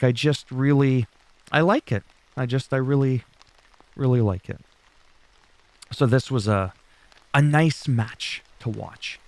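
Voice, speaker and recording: Chatty male recap YouTuber, mid-pitched, loose and rambling, curses casually. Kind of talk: casual show recap commentary.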